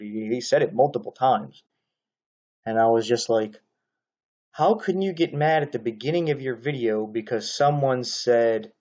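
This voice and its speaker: Padding his sentences with "uh" and "you know," a man rambles through a casual commentary, frequently restarting. He speaks at a normal speed in a mellow, relaxed, mid-range voice, and the recording sounds dull and lo-fi.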